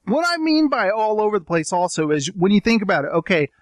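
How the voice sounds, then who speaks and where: A man riffs through a casual movie-review conversation, animated and quick to act out lines. His voice sits high for a man and lands dry and close, with no room sound around it. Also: no echo. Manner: animated, acts out scenes in voices. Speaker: podcast co-host.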